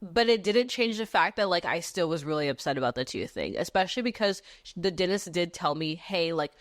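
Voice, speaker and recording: A young woman, hosting a podcast and telling a story in a dramatic, animated way, swearing freely and acting out what people said. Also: on the low side, fast talker, no echo, clean studio sound. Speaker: podcast host. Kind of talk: casual storytelling monologue.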